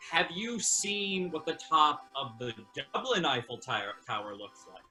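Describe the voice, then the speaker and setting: Improv player on a video call, very bright, animated man's voice that swoops around. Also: on the high side, a little slow, soft background music. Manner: animated, blustery. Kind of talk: improvised comedy scene.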